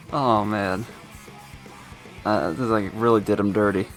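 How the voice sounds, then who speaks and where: Lively young man co-commentating esports. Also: fairly low pitch, slow pace, faint music behind. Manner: easygoing, laughs along, enthusiastic about team picks. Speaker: tournament co-commentator. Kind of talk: live esports commentary with banter.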